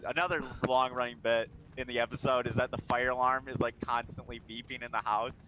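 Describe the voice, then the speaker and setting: A man's voice: medium pitch, steady tone, a little fast, low-quality recording. A man in casual chat on a gaming stream. He rambles, swears a lot and laughs while retelling a story. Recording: loud background noise with clicks.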